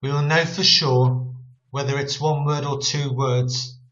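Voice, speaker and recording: Slow, deliberate male Bible teacher. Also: mid-range voice, steady tone, fairly bright tone, dull audio. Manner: repeats "okay" often, demonstrates pronunciation aloud. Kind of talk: casual explanatory talk to camera.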